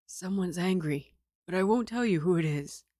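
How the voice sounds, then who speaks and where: A woman's voice: on the low side, normal speed, warm tone, dry recording, clean studio sound, natural voice. A woman voicing a sickly young nobleman who talks in a playful, teasing way.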